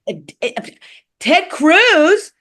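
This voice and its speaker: Animated, blunt woman co-host. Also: extremely high pitch, drawn-out words. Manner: animated, restarts often, blunt and profane. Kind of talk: casual political chat.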